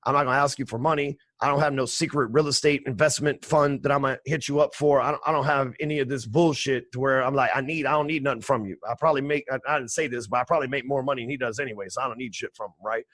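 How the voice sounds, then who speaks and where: A man's voice: mid-range voice, fairly even intonation, fast talker, hardly any pauses, fairly bright tone, no echo. A man in his forties, a podcast guest telling stories in a brash, profane, streetwise way. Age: 40s. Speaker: podcast guest, sales trainer. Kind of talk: casual storytelling interview.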